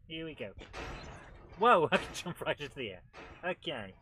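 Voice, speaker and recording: A man hosting a retro gaming show, giving chatty, excitable commentary while he plays. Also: medium pitch, moderate pace, long pauses, slight background noise, low-quality recording. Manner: chatty and excitable, with frequent laughs and exclamations. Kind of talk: live gameplay commentary.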